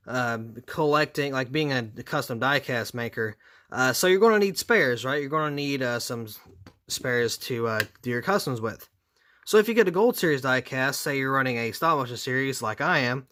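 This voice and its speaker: A man's voice: medium pitch, fairly bright tone. A man reviewing model cars in a casual, rambling way, tired with his voice going out, dropping sarcastic asides. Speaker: diecast reviewer.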